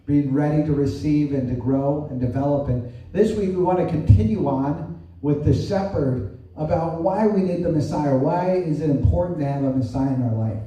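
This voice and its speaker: Echoey preacher, dark distant voice. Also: male voice, a little high, moderate pace. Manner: conversational, asks rhetorical questions, frequent "right?". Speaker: pastor. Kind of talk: sermon. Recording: echoey distant room sound.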